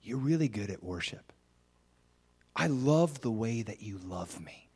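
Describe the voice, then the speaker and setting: Man doing a loving fatherly God, soft, slow, affirming. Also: fairly low pitch, lively intonation, breathy edge, exaggerated voice. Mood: tender. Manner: slow, soft, tender delivery.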